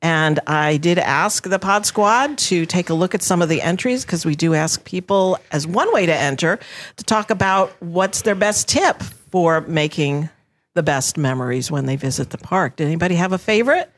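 A woman's voice: lowish voice, lively intonation, normal speed. Woman hosting a casual park podcast. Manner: upbeat, leads the discussion. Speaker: podcast host. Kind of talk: casual chat.

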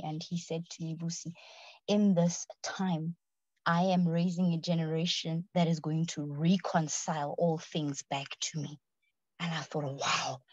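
Husky woman preaching. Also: lowish voice, darkish tone, no room sound, lo-fi sound. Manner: earnest, quick-talking with frequent fillers and checks for understanding. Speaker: speaker at a ministry session. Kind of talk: sermon, teaching scripture.

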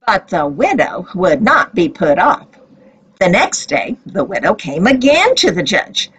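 A woman telling a Bible story to children as a teacher, with expressive storytelling. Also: fairly low pitch, measured pace, husky, poor audio.

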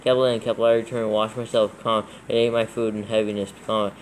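The voice is a man's, lowish and level, going very fast as he reads scripture aloud and names every capital and punctuation mark for proofreading. It's a low-quality recording with slight background noise.

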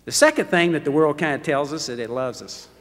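A middle-aged man from the United States giving a football coach's testimony to a live audience, folksy, self-mocking and animated. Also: a little high, brisk. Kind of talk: storytelling speech to a live audience. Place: large hall. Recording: long hall reverb.

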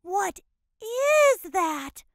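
A cautious, clever little girl twin from a cartoon, as a woman puts her on. She sounds skeptical and slightly softer than her sister, still high and bright, speaking slowly. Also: big pitch swings, very noisy, full character voice. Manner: skeptical, a bit dreamy.

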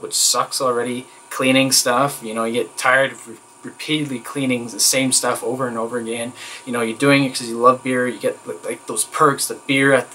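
A man's voice: mid-range voice, bright, forceful tone, slight background noise, poor audio. A man talking straight to camera in a casual vlog, candid and rambling, venting with plenty of fillers and an exasperated edge. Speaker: vlogger.

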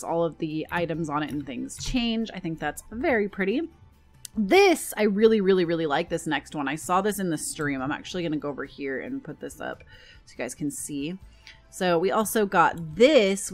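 A young American woman talking casually as she shows items in a game, gushing over things she likes, with a scratchy throat that keeps catching. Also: on the low side. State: throat trouble and hiccups. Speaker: gaming YouTuber.

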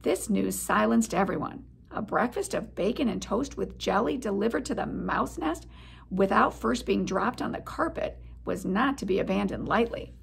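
Gravelly-voiced woman reading a storybook. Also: medium pitch, normal speed. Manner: expressive, storytelling. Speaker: head of school. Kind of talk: reading a children's book aloud.

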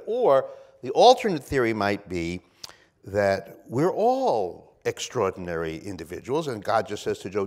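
A man's voice: medium pitch, wildly swooping pitch, normal speed. A man hosting a live event, introducing a guest to an audience in a playful, wry way. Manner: playful, wry, storytelling delivery.

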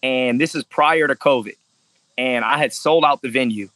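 A man's voice: mid-range voice, moderate pace, fairly bright tone, poor audio. A man who fights professionally, telling stories in a casual interview with intensity and freely dropped swear words. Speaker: MMA fighter, interview guest.

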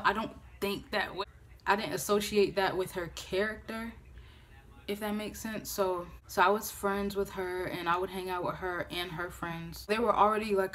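A woman in her twenties telling a personal story on a phone-camera vlog, casual and animated, swearing freely and acting out what others said. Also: fairly low pitch, slight background noise. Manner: animated, profane, acts out quoted voices. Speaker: vlogger.

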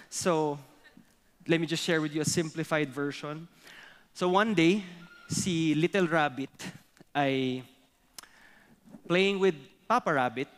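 A young adult man with a Filipino accent preaching a sermon, mixing English and Tagalog with animated storytelling. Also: on the high side, in a large hall. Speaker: pastor.

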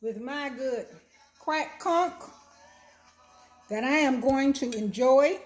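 An older woman who is a minister, hosting a casual cooking vlog, talking warmly and preachily and humming over her food. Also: sits high, soft background music. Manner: warm, preachy, tastes food with drawn-out hums.

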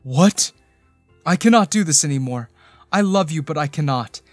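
A man voicing a hurt and angry husband in an even reading voice. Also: on the high side, moderate pace, no echo, faint music behind. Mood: tearful.

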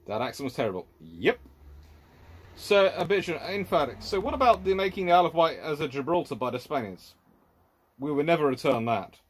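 A man's voice: on the high side, sing-song, a little fast, slightly rough. A man hosting a live history Q&A, reading out viewers' questions and answering them off the cuff, thinking aloud with restarts and laying out his points as A and B.

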